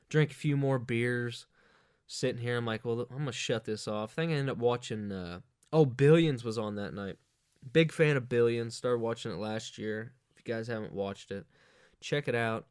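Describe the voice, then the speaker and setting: A man's voice: mid-range voice, clear, resonant tone, no echo, studio quality. A man hosting a comic monologue, ranting in a crude, profane, rambling way. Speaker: host.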